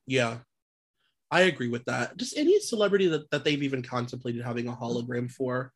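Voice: medium pitch, animated, a little fast. A podcast co-host in casual chat, slangy and swearing, often restarting words mid-sentence.

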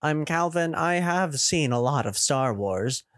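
A man's voice: fairly high pitch, animated, unhurried, fairly bright tone, dry recording, studio quality. A man hosting a podcast in casual chat, enthusiastic and steering the conversation. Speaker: podcast host.

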